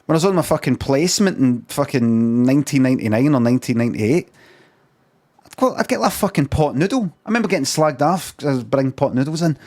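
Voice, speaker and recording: A man's voice: mid-range voice, lively intonation, fast talker, darkish tone. A middle-aged man with a Scottish accent, ranting in a rambling improvised comic monologue full of swearing and repeated phrases. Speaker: live streamer.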